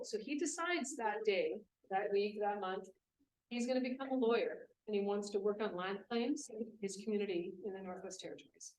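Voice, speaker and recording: A woman speaking at a business event, telling a lively classroom story in a conversational way. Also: mid-range voice. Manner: animated, conversational, voices quoted students. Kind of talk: storytelling talk. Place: event room. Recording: echoey room from a distant mic with faint hiss.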